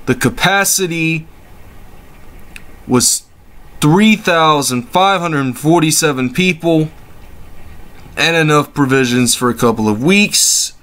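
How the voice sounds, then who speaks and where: Male reaction host, sarcastic, foul-mouthed, higher-pitched bright voice. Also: lively intonation, slow pace, pauses often. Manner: exclaims and breaks into laughing disbelief; sarcastic, swears freely. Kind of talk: comedic reaction commentary.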